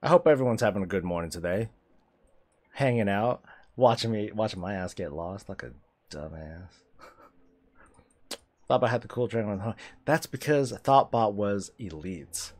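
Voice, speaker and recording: A man with a lowish voice talks through his gameplay on a live stream. His pitch jumps around a lot as he chats, swears and laughs along. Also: a little slow, pauses often. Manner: animated, swears freely, laughs often. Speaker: streamer host. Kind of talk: casual gameplay commentary.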